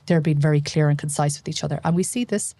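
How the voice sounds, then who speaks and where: Fast-talking Irish woman, animated storyteller. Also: low voice, no echo. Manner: animated storytelling, acts out quoted dialogue. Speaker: emergency medicine consultant guest. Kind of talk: casual interview chat.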